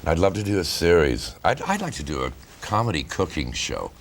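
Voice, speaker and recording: A man with a very low, gravelly voice gives playful interview answers. His pitch swings widely as he talks, and a faint hiss sits under the clip. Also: big pitch swings, brisk. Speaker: guest in archive clip.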